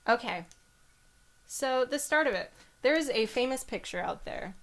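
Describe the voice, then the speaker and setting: A woman's voice: fairly high pitch, animated, moderate pace, fairly bright tone. A young woman co-hosting a podcast, telling a story in casual chat with a sarcastic, laughing manner. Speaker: podcast co-host.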